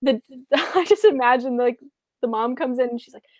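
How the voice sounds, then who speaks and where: A woman's voice: high-pitched, moderate pace, no room sound. A woman in a casual podcast chat who laughs often and acts out little scenes. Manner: giggly, acts out bits in funny voices. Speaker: podcast co-host.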